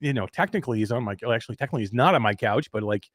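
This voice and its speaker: A man's voice: medium pitch, expressive, rapid-fire, dry recording, studio quality. A man hosting a live weekly talk show, teasing his co-host and laughing often.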